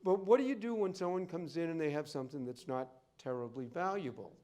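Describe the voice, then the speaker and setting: Rambling anecdotal man, somewhat high voice. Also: a little fast, dark tone. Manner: rambling storyteller, goes off on tangents. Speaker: rare book dealer and appraiser giving a library talk. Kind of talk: public talk with anecdotes. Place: library event room.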